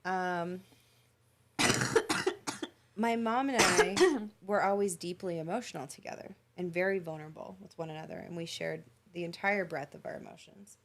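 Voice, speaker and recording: A woman's voice: fairly low pitch, moderate pace, slight background noise. A woman, a podcast guest, telling an emotional personal story in an earnest, reflective way. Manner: earnest, reflective, tells stories in detail.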